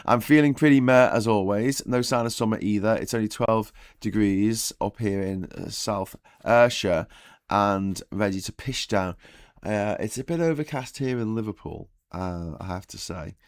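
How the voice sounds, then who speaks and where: A man's voice: on the low side, normal speed, smooth, dry recording, studio quality. A hungover man hosting a casual morning live stream, telling jokes and rambling through the news with frequent restarts.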